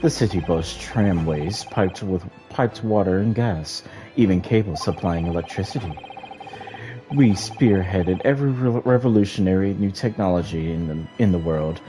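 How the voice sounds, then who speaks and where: A man voicing a stern older British chief judge, making his voice deep and speaking slowly and formally. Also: natural voice. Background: game music.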